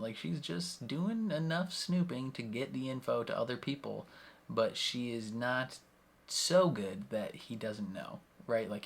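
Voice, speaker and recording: Young man, casual recap and reaction, lowish voice, animated retelling with quoted lines. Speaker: reaction video host.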